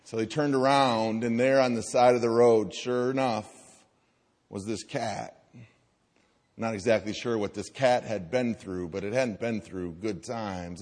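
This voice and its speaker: Long reverb from a hall surrounds this male pastor as he tells a story in his sermon, voicing the different characters. His voice sits in the mid range, and he eases off and slows down on the phrases that matter most.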